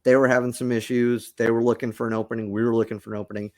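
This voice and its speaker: A man's voice: medium pitch, level tone, very fast, no room sound, studio quality. A man co-hosting a sports podcast, bantering and breaking down the game in a joking, casual way. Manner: joking, self-promoting banter. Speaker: podcast co-host.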